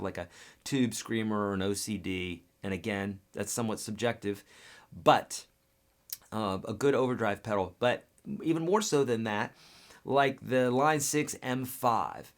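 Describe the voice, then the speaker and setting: A man's voice: fairly low pitch, normal speed. A man teaching guitar on a live webcast, reading viewer questions and answering in a casual, direct way that keeps checking in with "okay?".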